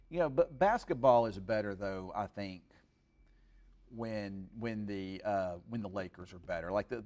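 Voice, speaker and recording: A man's voice: sits low, a little mellow. A middle-aged man chatting casually on a live stream in a rambling, folksy way, full of fillers. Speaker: weather streamer.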